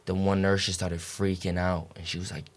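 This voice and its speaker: A man's voice: low voice, flat delivery, normal speed. A young man telling a story as a podcast guest, casual and profane, packed with "like" and "dude".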